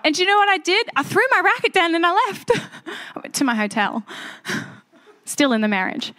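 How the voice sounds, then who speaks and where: A woman pastor preaching a sermon to her church. She talks in an animated, conversational way, with personal stories and self-deprecating asides. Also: very high voice, moderate pace.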